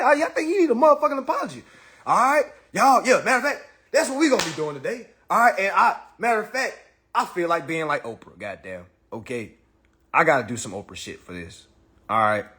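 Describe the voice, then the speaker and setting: A man's voice: high voice, a bit bright, husky. A man hosting a casual phone livestream, talking in a boastful, repetitive, profane way. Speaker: livestream host.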